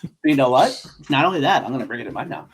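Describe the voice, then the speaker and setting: Talking very fast in an expressive, medium-pitched voice with a slight roughness, a male co-host of a podcast gushes about films. The conversation is casual and meandering, full of restarts and swear words.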